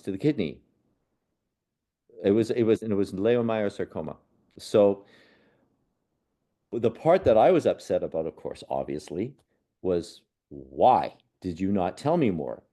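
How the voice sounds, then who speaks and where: Mellow low-voiced man telling stories. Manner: earnest, unhurried, with soft laughs and restarts. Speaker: guest, spiritual medium and healer. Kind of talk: reflective personal storytelling in a podcast conversation.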